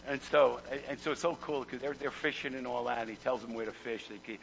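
A man preaching a fervent sermon, repeating words and building to shouts. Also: medium pitch, fast, vocal fry, muffled recording, slight background noise. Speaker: pastor.

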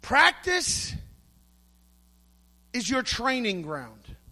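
A man's voice: very high-pitched, huge pitch swings, very slow, bright, forceful tone. A middle-aged man preaching a sermon, emphatic and storytelling, acting out the voices he quotes.

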